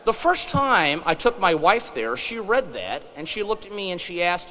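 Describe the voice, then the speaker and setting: A man's voice: high voice, sing-song, normal speed, few pauses, pushed and bright, slight background noise. A middle-aged man from western Kansas giving a humorous speech at a conference, with emphatic, joking asides. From western Kansas, USA. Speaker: conference speaker. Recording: echoey hall.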